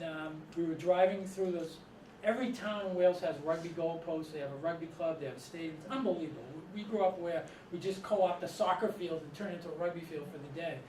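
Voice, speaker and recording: A middle-aged Massachusetts man, an author and storyteller, addresses a live audience in a dark-toned voice on the high side, telling meandering stories and chuckling frequently. The room echoes, the mic sits far off, and the audio is noisy.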